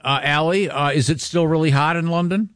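Halting male radio co-host, dry studio sound. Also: a little high, fairly bright tone, clear, resonant tone, no echo. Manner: hesitant, many ums and uhs. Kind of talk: radio banter.

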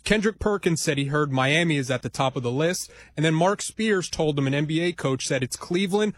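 A man's voice: on the high side, lively intonation, fairly quick, dry recording. A man chiming in on a sports talk radio show with dry, teasing wisecracks.

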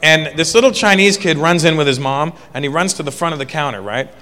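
A man telling a stand-up story in a high, bright, tense voice, with "right?" checks to the audience. A long hall reverb trails behind his lines, along with faint noise. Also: quick pace. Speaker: stand-up comedian. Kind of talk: stand-up comedy routine. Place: comedy club stage.

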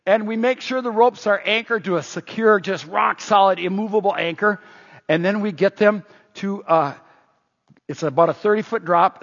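A man preaching a sermon as pastor, animated, quoting scripture aloud. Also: high-pitched, slightly rough. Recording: roomy hall, dull lo-fi sound.

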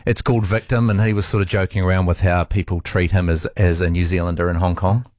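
Man in his 40s, radio talk host, deep voice, halting heartfelt tribute, dry close mic. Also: little pitch movement, darkish tone, no echo. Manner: halting, with restarts and pauses.

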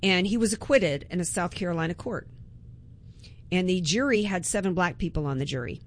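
A woman's voice: lowish voice, lively intonation, a little fast. A woman hosting a political talk radio show, delivering an impassioned, emphatic monologue with frequent restarts.

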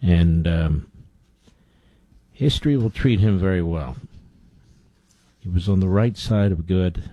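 Very deep man, talk radio host, blunt, mellow dark tone, dry close sound. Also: slow pace, pauses often, no room sound, lo-fi sound. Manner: blunt, combative, cues producer for clips. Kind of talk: opinionated talk radio monologue.

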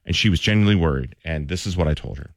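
A man's voice: a bass voice, very fast, no echo, faint music behind. A man in his thirties co-hosting a radio show, telling an earnest family story with self-deprecating jokes. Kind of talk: casual on-air chat.

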